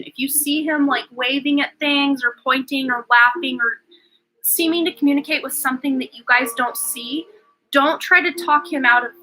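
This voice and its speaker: A woman's voice: sits high, fairly even intonation, moderate pace, bright, forceful tone, rough recording. A woman hosting a live-streamed tarot reading, talking in an effusive, chatty way with lots of "like" and "um" fillers. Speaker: tarot reader and livestream host.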